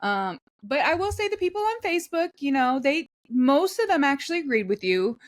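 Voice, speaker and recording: A woman's voice: high-pitched, big pitch swings, a little fast. Chatty woman podcast co-host. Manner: chatty, laughs often, reads posts aloud. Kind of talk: casual podcast chat and reading aloud.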